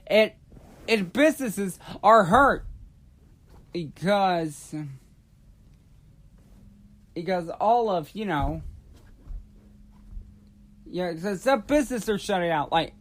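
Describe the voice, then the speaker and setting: A man vlogging a casual, rambling rant about movies, halting often with fillers and restarts. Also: sits high, lively intonation. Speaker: YouTube vlogger.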